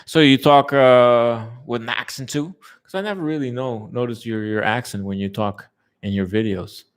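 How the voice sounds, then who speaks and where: A man's voice: medium pitch, normal speed, clean tone. A man chatting casually with viewers, rambling and swearing freely, with many fillers. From lives in a tourism-based place, has lived abroad. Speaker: channel host chatting with viewers. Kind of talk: casual live chat.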